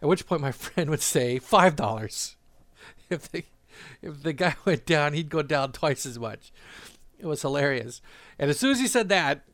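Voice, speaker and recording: Male storyteller, relaxed rambling delivery, chuckles often, dry close sound. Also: on the high side, moderate pace, dry recording. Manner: rambling, laughs often, many fillers and restarts. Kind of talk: casual storytelling monologue.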